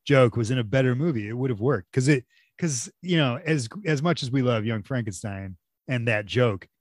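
Animated and at a moderate pace, this medium-pitched man co-hosts a podcast in casual conversation. He's enthusiastic, curses freely, and tacks "man" onto lots of lines; the studio sound is clean with no echo.

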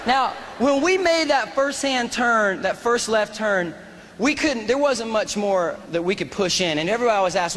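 Man from the United States, speaker at a fundraiser, animated storyteller, high voice, long hall reverb, faint ambience. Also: normal speed, a little hiss or hum. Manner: animated, acts out dialogue. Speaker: guest speaker, former soldier. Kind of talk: storytelling speech.

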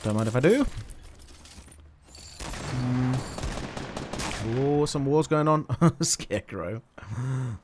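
A man doing jokey game commentary, talking to himself with sudden excited yelps. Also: medium pitch, slow, long pauses, background noise. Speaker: gaming channel host.

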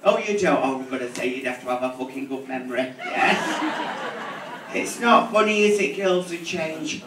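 A man's voice: on the high side, lively intonation, moderate pace, heavy background noise. A man doing crude, brassy drag stand-up comedy, teasing the audience as his stage persona. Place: live theatre stage. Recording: echoey hall from far off with crowd. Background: audience laughter.

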